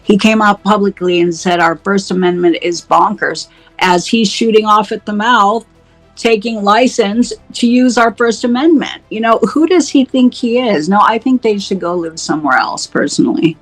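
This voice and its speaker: A woman's voice: mid-range voice, moderate pace, faint music behind, rough recording. Blunt indignant American woman. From United States. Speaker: commentator guest. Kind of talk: opinionated political commentary.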